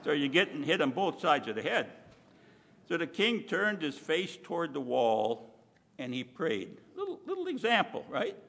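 A man preaching a sermon in a chatty, emphatic way, full of asides and slowed-down stressed words. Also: on the high side, huge pitch swings, a bit bright. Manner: conversational preaching with frequent asides. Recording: long hall reverb.

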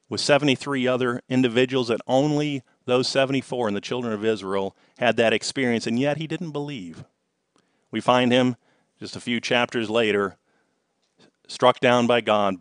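A man preaching a sermon, leaning hard into key words and then dropping to a hush. His voice sits at an ordinary middle pitch. The sound is dry and close, with no room around it. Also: normal speed, clear, resonant tone, no echo. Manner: emphatic, rises and falls in loudness for effect. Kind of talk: sermon with storytelling.

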